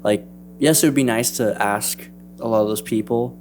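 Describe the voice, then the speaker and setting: A man's voice: medium pitch, moderate pace, darkish tone, soft background music. Easygoing male interviewer. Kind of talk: casual interview conversation.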